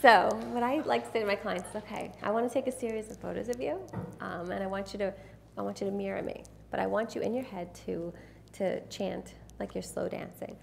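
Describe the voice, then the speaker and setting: A woman's voice: mid-range voice, a little fast, vocal fry, slight background noise. A woman presenting a live workshop, teasing and directing volunteers in front of an audience. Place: event room with an audience.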